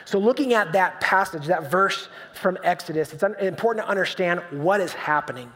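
A man preaching with a high, bright voice that rings through a church hall with a long echo. He talks in a relaxed, conversational way, telling stories and acting out voices for laughs. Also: a little fast. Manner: conversational, storytelling, acts out voices with humor. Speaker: pastor. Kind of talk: sermon. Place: church stage.

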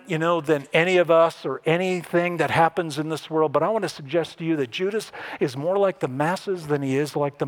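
Higher-voiced man preaching a sermon. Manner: conversational preaching, wry asides, lively emphasis. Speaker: pastor.

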